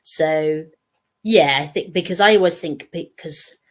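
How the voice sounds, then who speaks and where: Woman, panel guest, deep for a woman, rambling and self-mocking. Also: unhurried. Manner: chatty and meandering, self-deprecating. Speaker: guest speaker. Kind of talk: casual panel discussion.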